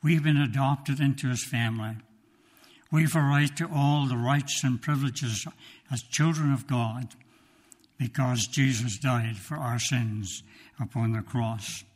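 A male preacher telling a story in a sermon, slow and emphatic, with dramatic pauses, reading from his notes. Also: medium pitch. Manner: reads from notes.

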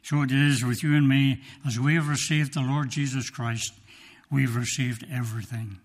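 A male preacher telling a story in a sermon, slow and emphatic, with dramatic pauses, reading from his notes. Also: mid-range voice, fairly even intonation. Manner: reads from notes.

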